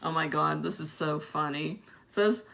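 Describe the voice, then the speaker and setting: Bright-voiced young woman vlogger, chatty. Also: low voice, normal speed, gravelly. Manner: chatty, laughs often between remarks. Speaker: vlogger reviewing a product. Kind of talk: casual unboxing chat.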